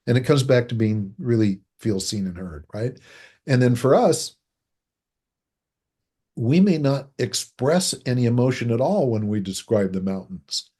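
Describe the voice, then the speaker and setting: Warm-voiced man explaining in an interview. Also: medium pitch, a little slow, husky. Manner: animated, acts out quoted speech, chuckles between points. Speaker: author and podcast guest. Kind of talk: conversational interview.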